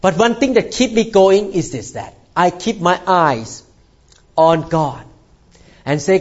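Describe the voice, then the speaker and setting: High-voiced man preaching earnestly. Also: expressive, takes it slowly. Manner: earnest, repeats words, calls out "Amen?" to the congregation. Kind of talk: sermon. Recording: dull lo-fi recording.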